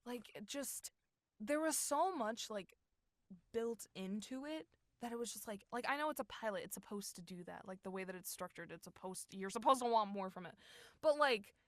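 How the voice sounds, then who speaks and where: A young woman voice actor, a guest in a casual interview, animated and quick to laugh, sometimes dropping to a whisper. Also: medium pitch, no room sound, clean studio sound. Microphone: home recording booth mic.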